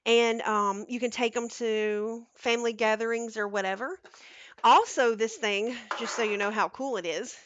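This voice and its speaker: A woman's voice: a little high, fairly even intonation, normal speed, a bit bright, no echo, muffled recording. A woman hosting a home cooking stream, chatting and telling stories in a rambling way, often checking in with "okay?". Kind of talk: casual storytelling chat. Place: home kitchen.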